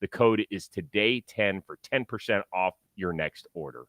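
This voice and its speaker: A man's voice: low-pitched, moderate pace, a bit bright, dry recording. A man hosting a sports talk show, chatting about baseball in an enthusiastic, joking way and reading ads. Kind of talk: casual sports talk and ad read.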